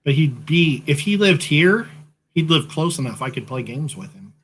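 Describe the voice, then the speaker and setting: A man's voice: on the high side, sing-song, normal speed, a bit bright, breathy edge. A man co-hosting a casual chat, playful and talkative with joking asides, a bit sleepy. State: sleepy, yawning. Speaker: co-host.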